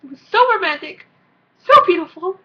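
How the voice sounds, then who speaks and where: A teenage girl vlogging casually, an excitable, rambling fan who gushes and squeals. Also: very high-pitched, brisk. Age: teens. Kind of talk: gushing casual vlog. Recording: dull lo-fi recording.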